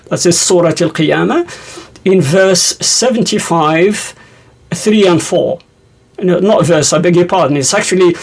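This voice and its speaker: An older man explaining scripture in a rambling way, stopping to correct himself and quickly reciting verses. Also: sits high, vocal fry. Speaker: religious teacher.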